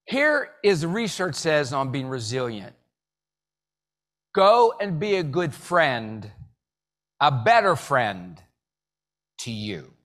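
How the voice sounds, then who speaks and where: Bright, animated male motivational speaker. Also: fairly high pitch, slow pace, pauses often. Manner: animated, leads the audience in call-and-response; jokey storytelling with sudden loud bursts. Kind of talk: live motivational keynote.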